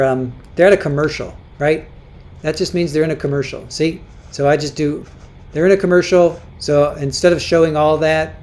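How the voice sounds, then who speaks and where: Woman, livestream host, casual chat, reads viewer comments, repeats and restarts words, soft laughs. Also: sits low.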